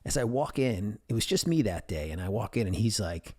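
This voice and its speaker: A man hosting a podcast, telling personal stories in a casual, animated way. His pitch is very lively and rises and falls constantly as he slips into the voices of the people in his stories. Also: moderate pace. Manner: animated, acts out quoted voices. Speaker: podcast host.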